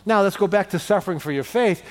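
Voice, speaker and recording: A man preaching a sermon as pastor in a church, animated and leading the congregation in call-and-response. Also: high voice, fast talker.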